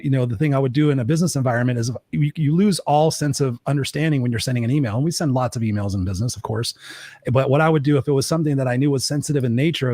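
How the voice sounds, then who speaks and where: A man's voice: medium pitch, no room sound. A middle-aged man co-hosting a talk show, talking energetically and giving practical advice. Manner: energetic, advice-giving, talks in long runs. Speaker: co-host. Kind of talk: casual chat.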